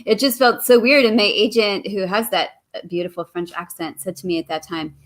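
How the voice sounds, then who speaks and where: A middle-aged woman hosting a casual interview, chatty and enthusiastic and quick to laugh. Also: medium pitch. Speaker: host.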